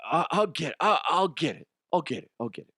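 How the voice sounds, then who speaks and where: Man putting on nervous stammering young intern guy, voice pushed up higher. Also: sing-song, a little fast, bright, forceful tone, slightly rough, dry recording, clean studio sound, full character voice. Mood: flustered. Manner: stammering, panicky.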